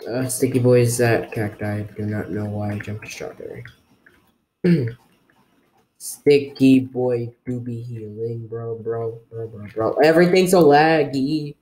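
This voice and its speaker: A young man chats his way through a game in a slow, easygoing drawl, joking with viewers in a put-on accent he can't place. His tone is dark and mellow, never sharp. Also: mid-range voice. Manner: rambling, jokey, talks to viewers while playing; put-on unplaced accent for fun. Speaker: gaming video creator. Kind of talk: casual gameplay commentary.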